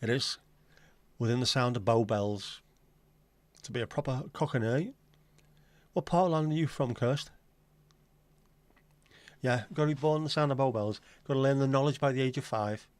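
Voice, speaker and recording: Guy rambling on a livestream, jokey and sweary, regular pitch, dry close sound. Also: normal speed, clean tone, dry recording. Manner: rambling, jokey and sweary, slips into silly voices. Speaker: livestream host. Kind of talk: casual livestream chat.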